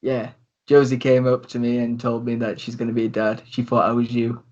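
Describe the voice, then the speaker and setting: A man's voice: medium pitch, monotone, brisk, darkish tone, lightly acted. A man voicing a cocky, upbeat male robot cat who banters like a brother, on a dull lo-fi recording. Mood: insistent. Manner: breezy, bro-ish banter.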